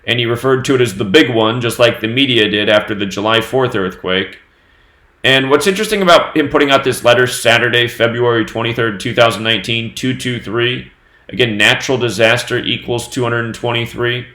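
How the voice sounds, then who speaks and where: Man, medium pitch, solo commentary, steady number-heavy delivery, echoey room. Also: a little fast. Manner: steady running reading of dates and number sums. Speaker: host of a numerology news channel.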